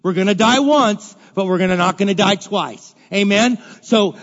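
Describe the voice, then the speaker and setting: Male pastor, high voice, unhurried sermon delivery, emphatic repetition, dull recording with long hall reverb. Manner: emphatic, repeats phrases, swings from loud to hushed.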